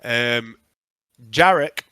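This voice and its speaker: A man running a tabletop game as game master, narrating with frequent um pauses. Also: mid-range voice, pushed and bright, smooth, no room sound.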